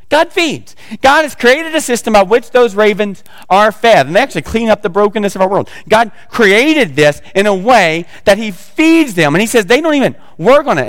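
A male pastor preaches in a loose, conversational way and throws teasing asides to his congregation. His voice sits high for a man. The sound carries a long, hall-like reverb. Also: fairly bright tone. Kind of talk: sermon.

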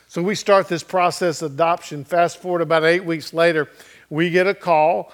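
A middle-aged man preaching a sermon as a pastor, telling a story in a conversational way and often checking in with his listeners. He moves between loud and very soft delivery. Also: a little high, fairly even intonation, moderate pace.

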